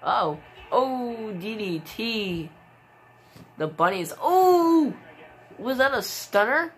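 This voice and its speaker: A woman giving casual play-by-play commentary on a wrestling video game, with excitable exclamations and sudden shrieks. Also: medium pitch, slow, a little hiss or hum. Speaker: gameplay commentator.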